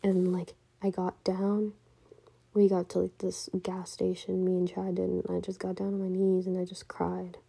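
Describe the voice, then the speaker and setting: A young woman telling a personal story in a casual, hushed way, often half-whispering and full of "like". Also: lowish voice, completely flat delivery, normal speed, creaky, breathy edge.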